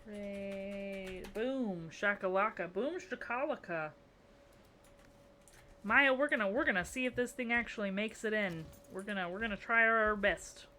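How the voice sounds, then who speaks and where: A woman's voice: mid-range voice, normal speed, hardly any pauses, pushed and bright, slight background noise. Chatty woman streamer muttering while building. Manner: chatty, talks to herself and chat, playful muttering.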